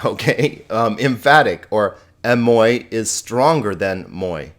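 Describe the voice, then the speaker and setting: A man teaching a recorded lesson, patient and slow to explain, who often puts questions to the listener. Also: fairly low pitch, animated. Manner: patient, explains slowly, asks the viewer questions. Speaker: Greek teacher.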